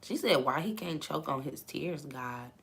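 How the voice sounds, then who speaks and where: Woman, gravelly low voice, laid-back livestream Bible chat with viewers. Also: expressive, measured pace, fairly bright tone. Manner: laughing, chatty, reads viewer comments aloud. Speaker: livestream host reading the Bible. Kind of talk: casual live chat with viewers.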